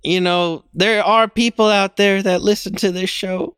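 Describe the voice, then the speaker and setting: A man's voice: sits high, steady tone, measured pace, a bit bright, smooth, dry recording, studio quality. A young man hosting a podcast alone, rambling casually, mocking himself and laughing often. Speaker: podcast host.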